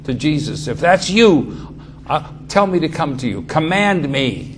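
A preacher voicing a frightened disciple begging, earnest and pleading, in a fairly high man's voice with a faint hiss behind it. he keeps it close to his own plain preaching voice. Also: big pitch swings, a little slow.

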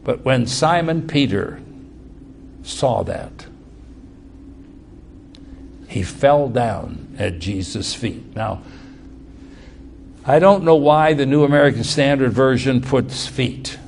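A man's voice: medium pitch, lively intonation, slow, creaky, pauses often, a little mellow, slight background noise. A man preaching a verse-by-verse sermon in a conversational way, often repeating words as he explains.

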